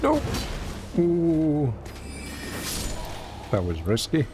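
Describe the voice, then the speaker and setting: Animated, rambling gaming streamer man. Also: medium pitch, measured pace, over music. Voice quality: lively, rambling storyteller with self-mocking humour. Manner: animated, chatty, reacting aloud to the game. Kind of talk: casual gameplay commentary and storytelling.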